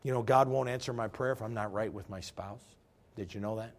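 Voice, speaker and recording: A pastor with a medium-pitched, expressive voice talks fast through his sermon. He tells folksy stories and presses the congregation with direct questions, pushing harder as he drives each point home.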